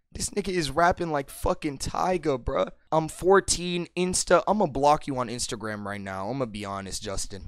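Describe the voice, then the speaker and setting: A young man streaming as he rates viewers' songs, swinging from hyped yelling to low mock-serious muttering. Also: moderate pace, hardly any pauses, no echo, studio quality. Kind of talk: loud reaction commentary.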